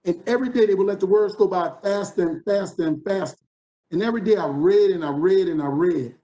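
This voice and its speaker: Man, New Orleans accent, fifties, motivational keynote, high mellow voice, muffled lo-fi recording. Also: fairly quick. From New Orleans, USA. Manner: rhythmic preacher-like repetition. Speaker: conference keynote speaker. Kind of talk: motivational speech.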